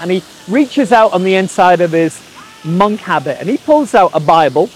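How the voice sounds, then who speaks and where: A man, preaching through a personal story in a lively way and acting out the quotes. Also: sits high, moderate pace, a little hiss or hum, low-quality recording. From England. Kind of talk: storytelling sermon.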